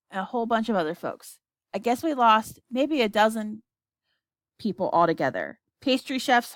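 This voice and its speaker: A woman's voice: medium pitch, dry recording, lightly acted. A woman voicing a folksy, easygoing male astronaut reporting over the radio.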